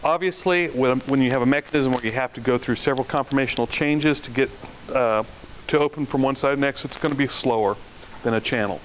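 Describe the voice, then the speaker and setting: A man lecturing to a class in a relaxed, conversational way, checking in with the students and wandering into anecdotes. The recording is dull and lo-fi, with a faint hiss of noise underneath. His voice sits at an ordinary middle pitch. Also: quick pace. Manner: conversational, asks the class questions, tells anecdotes. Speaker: university lecturer.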